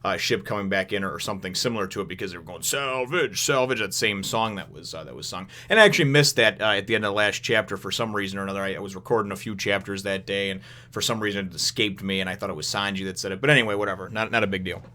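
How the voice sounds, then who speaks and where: A man's voice: very fast, hardly any pauses, pushed and bright. A man hosting a manga chapter review, rambling casually with lots of fillers. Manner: rambling, filler-heavy, acts out characters in high voices. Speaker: host of a manga review show.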